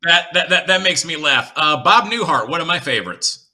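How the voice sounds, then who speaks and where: A man from Detroit hosting a casual interview, asking halting questions with fillers. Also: fairly high pitch, lively intonation, bright, forceful tone. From Detroit, USA. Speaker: podcast host.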